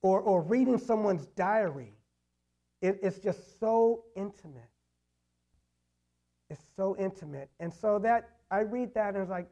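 A man's voice: sits high, measured pace, creaky, mellow. A man preaching a sermon in a conversational way, full of "you know" fillers and repeated phrases. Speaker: pastor.

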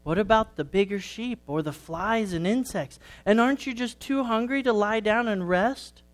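A man's voice: sits high, normal speed, voice pushed up, close to an everyday voice. A man voicing a young, neglected female sheep who asks anxious, worried questions in a storybook.

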